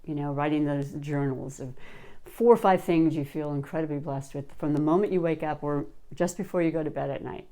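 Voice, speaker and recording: A woman's voice: low-pitched, fairly even intonation, fairly quick, warm tone. A middle-aged woman giving a gushing, heartfelt tarot reading, full of restarts and encouragement. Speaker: tarot reader.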